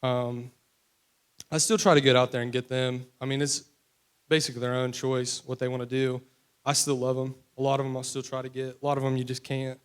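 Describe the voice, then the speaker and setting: A young man from West Virginia gives his personal recovery testimony, candid and rambling, full of fillers. His medium-pitched voice is clear and resonant, fairly level in pitch, and a little fast.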